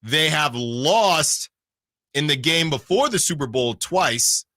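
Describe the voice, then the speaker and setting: A man's voice: fairly high pitch, lively intonation, slow, pushed and bright, no room sound. A man hosting sports radio, reading out team records in casual talk and checking himself as he goes. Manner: reads out records, self-checking.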